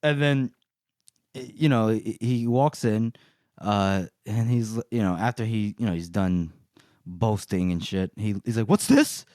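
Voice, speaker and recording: A man's voice: on the low side, unhurried, a little mellow, dry recording, clean studio sound. A man co-hosting a casual book chat podcast, talking loosely, swearing and laughing often. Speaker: podcast co-host.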